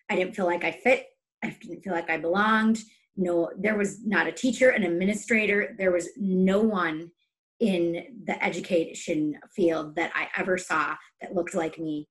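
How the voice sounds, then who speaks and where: A woman teacher speaks with conviction, pressing hard on her key points. Her voice sits on the lower side. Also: a bit bright. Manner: passionate, emphatic. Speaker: teacher, podcast guest. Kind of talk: casual conversation.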